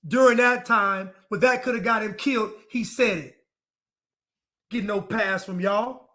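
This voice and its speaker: A man's voice: high-pitched, unhurried, sharp tone. A man delivering a defiant ranting monologue to camera, repeating his phrases over and over.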